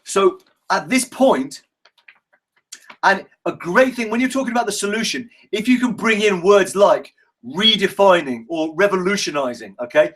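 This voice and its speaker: A man's voice: high voice, expressive, moderate pace, fairly bright tone. A man coaching a workshop group in a casual, enthusiastic way, swearing freely and acting out example conversations.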